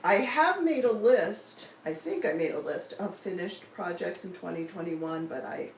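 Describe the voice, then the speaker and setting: A woman's voice: fairly low pitch, expressive, normal speed, slight background noise. A woman in her sixties chatting casually and teasingly on a home live stream, laughing often. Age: 60s. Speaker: cross-stitch vlogger. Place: home in Denver. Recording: roomy, slightly distant mic with faint ambience.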